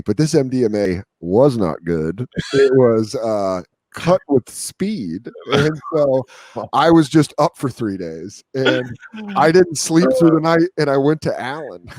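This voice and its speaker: A man's voice: medium pitch, no room sound, clean studio sound. A man in his thirties, a comedian guest telling drug stories in casual chat, acting out other people's voices. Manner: animated storytelling, acts out quotes.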